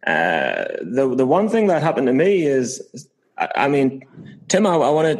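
A man's voice: mid-range voice, sing-song, moderate pace, a little mellow, poor audio. Playful man in mock-dramatic chat. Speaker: podcast co-host. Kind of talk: casual chat.

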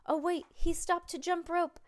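A woman voicing an excited young girl who calls a toy race play-by-play. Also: a little high, moderate pace, close to an everyday voice. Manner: breathless play-by-play.

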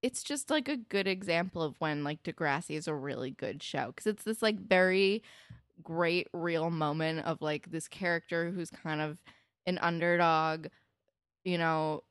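Podcast co-host, woman, low pitch, dry sound, eager, cursing, filler-heavy chatter. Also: normal speed, clear, resonant tone, no room sound. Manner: enthusiastic, swears freely, many fillers. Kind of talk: casual TV recap chat.

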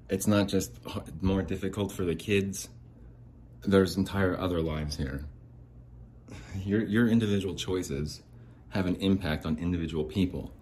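Deep-voiced man ranting, swearing. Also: darkish tone, slight background noise. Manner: profane, exasperated, swings between muttering and outbursts. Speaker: podcast host. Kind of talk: angry ranting monologue. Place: home near a window.

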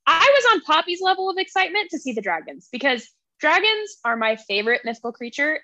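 A woman co-hosting a casual book chat, animated and acting out character lines as she talks. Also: fairly high pitch, no room sound. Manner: animated, acts out character dialogue. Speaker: podcast co-host.

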